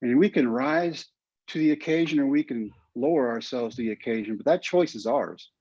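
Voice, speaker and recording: A man's voice: medium pitch, normal speed, a little mellow, slightly rough, dry recording. A man, telling an earnest, emotional story as a podcast guest. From United States. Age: 50s. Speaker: guest, former pitcher and teacher. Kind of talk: storytelling interview. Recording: dull dry podcast audio.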